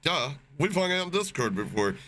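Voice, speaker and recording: A man streaming live, chatting casually with his viewers, swearing freely and getting excited as he reacts to chat. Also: a little high, normal speed.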